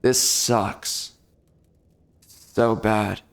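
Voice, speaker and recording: A man's voice: on the low side, fairly even intonation, drawn-out words, creaky, slight background noise. A young man commenting on his strategy game, grumbling and exasperated as things go wrong. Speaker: gameplay streamer. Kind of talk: frustrated gameplay commentary.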